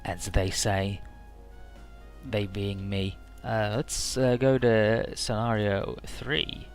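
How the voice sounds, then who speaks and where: A man's voice: lowish voice, level tone, takes it slowly, soft background music. A man hosting a let's play, giving casual, rambling game commentary with jokes and offhand swearing.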